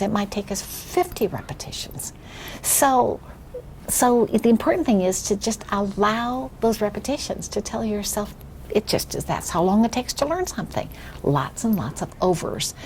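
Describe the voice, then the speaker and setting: A woman demonstrating a reading lesson with a young child, speaking slowly and encouragingly, often softly or in a whisper. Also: medium pitch, slight background noise. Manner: patient, slow, encouraging, drops to soft whispers. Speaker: reading tutor trainer.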